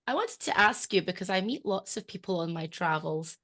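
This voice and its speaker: A woman's voice: on the low side, lively intonation, brisk, fairly bright tone. Woman, mild scottish accent, podcast host, chatty, self-mocking. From Scotland. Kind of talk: casual podcast chat.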